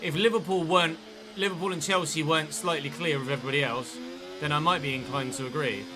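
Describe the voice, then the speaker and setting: A man's voice: fairly high pitch, fairly even intonation, fast talker, over music. An English man chatting and thinking aloud as he commentates on his own live gameplay stream. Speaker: game streamer.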